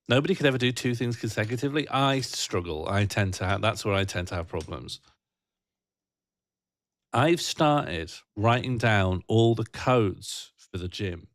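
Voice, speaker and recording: A man's voice: fairly low pitch, lively intonation, measured pace, dry recording, studio quality. A British man hosting a livestream, chatting casually and reading out viewer comments in a rambling, jokey, self-mocking way. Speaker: livestream host.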